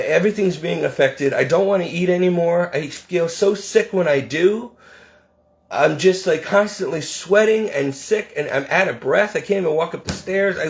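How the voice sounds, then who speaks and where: A man in his forties venting in a personal vlog monologue, weary and bitter, rambling from complaint to complaint. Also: high voice. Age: 40s. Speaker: video ministry creator.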